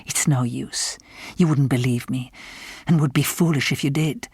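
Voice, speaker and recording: A woman reading the part of a haunted, secretive middle-aged man in an audiobook, speaking in a slow, hushed whisper. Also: very deep voice, slightly rough, dry recording, studio quality. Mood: hushed, uneasy.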